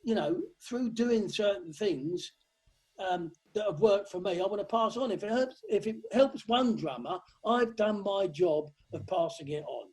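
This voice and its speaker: A man's voice: high-pitched, measured pace, darkish tone. A man talking as a guest drummer on a video call, giving blunt, emphatic advice and singing drum patterns aloud. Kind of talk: lockdown video call interview.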